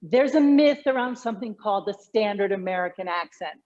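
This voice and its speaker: A woman's voice: medium pitch, lively intonation, brisk, darkish tone, lo-fi sound. A middle-aged woman, a communication coach, explaining her work animatedly in an interview, often restarting her sentences. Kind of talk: conversational interview.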